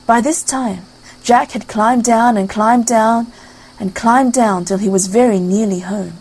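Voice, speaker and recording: A woman narrating a classic fairy tale aloud in a lively storybook reading style. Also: a little high, unhurried, husky, low-quality recording.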